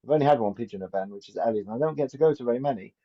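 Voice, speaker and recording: A man's voice: mid-range voice, rapid-fire, dark tone. A man teaching an informal Torah class as a rabbi, chatty and anecdotal, often asking "right?". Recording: dull lo-fi recording.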